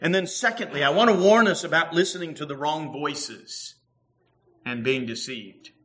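A middle-aged man preaching a sermon as a pastor, telling stories in a lively way with frequent chuckles. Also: a little high, normal speed. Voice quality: lively storyteller, chuckles often.

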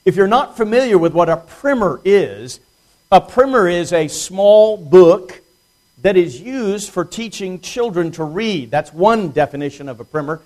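A male preacher with a slightly high voice teaches an evening Bible study to his congregation. He talks in a plain, unhurried way, slows down to stress key words, and drops in dry, self-deprecating humor. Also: expressive, darkish tone. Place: church congregation.

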